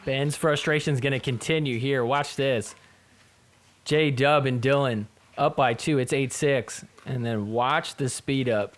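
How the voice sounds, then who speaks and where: A man hosting a podcast, giving a casual recap of sports matches, swearing freely and mocking the players in quick put-on voices. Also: fairly high pitch, a bit bright.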